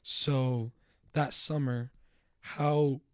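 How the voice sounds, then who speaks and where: Gentle podcast host, flat voice. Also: male voice, medium pitch, very slow, dry recording, studio quality. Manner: gentle, sympathetic, hesitant phrasing with "um". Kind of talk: interviewing.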